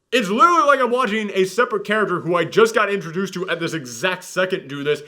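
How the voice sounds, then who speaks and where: A man hosting a casual film review podcast, talking in an animated, sarcastic and mock-dramatic way. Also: high voice, fast talker, few pauses.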